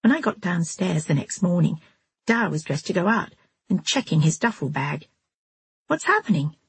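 A woman narrating a novel in the first person, in a steady, measured storytelling manner. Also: fairly low pitch, slightly rough. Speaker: audiobook narrator.

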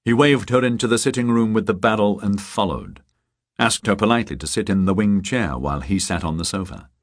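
A man narrating a thriller audiobook in a measured, even storytelling manner. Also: on the low side. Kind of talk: scripted narration. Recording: dry close studio sound.

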